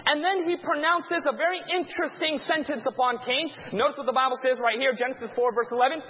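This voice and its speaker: High-voiced man teaching in a reverberant hall. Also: fast. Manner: quizzes listeners with fill-in-the-blank prompts. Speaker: pastor teaching a Bible class. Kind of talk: interactive Bible teaching. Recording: dull sound with long hall reverb.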